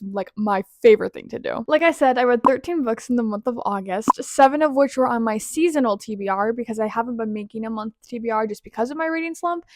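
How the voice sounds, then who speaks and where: A chatty young woman with a fairly high voice talks through her monthly reading wrap-up, bubbly and quick with her asides. She sits at home near the camera mic. The sound is dry and close. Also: no echo. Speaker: book vlogger.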